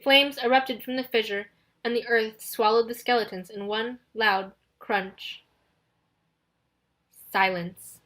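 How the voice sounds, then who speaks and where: A woman narrating an audiobook in the first person, in a steady, dramatic storytelling manner. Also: on the high side, takes it slowly, pauses often.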